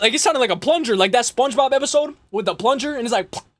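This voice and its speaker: A young man with a high-pitched voice talks through upcoming fights in loose, casual chat. He rambles, circles back, repeats himself and swears freely, sounding excitable and unpolished. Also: quick pace. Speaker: MMA podcast host.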